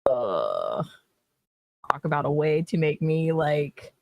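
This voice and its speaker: A woman's voice: low voice, huge pitch swings, takes it slowly, gravelly, no echo, lo-fi sound. A woman co-hosting a casual game stream, reading chat aloud with playful exasperation and laughter.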